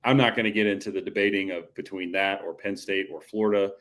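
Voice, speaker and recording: Male podcast co-host, lowish voice, casual and rambling sports opinions. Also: steady tone, quick pace, a bit bright. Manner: rambling, with frequent restarts.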